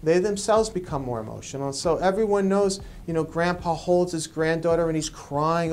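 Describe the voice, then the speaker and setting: Man, medical expert, explaining, animated quotes. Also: fairly high pitch, a little fast, hardly any pauses, slight background noise. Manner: animated, acts out quoted people. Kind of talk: explanatory interview.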